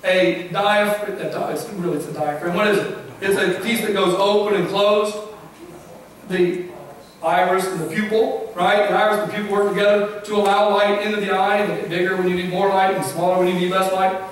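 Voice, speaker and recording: A middle-aged man, a guest speaker, gives a lively science talk to a congregation and keeps quizzing them with "okay?" and "right?". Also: high voice, fairly quick, a little hiss or hum. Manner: questions the audience often, with frequent "okay?" and "right?". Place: church hall. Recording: very echoey hall, from far off.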